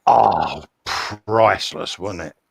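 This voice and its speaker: A man's voice: low voice, takes it slowly, gravelly, slightly rough, no room sound. A middle-aged Englishman hosting a live stream, bantering in a self-mocking, joking way and laughing often. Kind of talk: casual banter.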